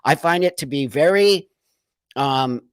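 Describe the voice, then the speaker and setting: A man's voice: a little high, expressive, unhurried, clear, resonant tone, no room sound. A man hosting a livestream, talking in an earnest, emotional monologue full of repeated rhetorical questions. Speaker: livestream host.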